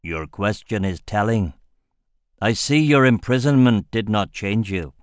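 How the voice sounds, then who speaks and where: A hulking shaman lord with a low, rumbling voice, as a male narrator puts him on. He speaks in a formal, menacing growl, deep and unhurried. The sound is dry and close, with no room around it. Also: expressive, no room sound.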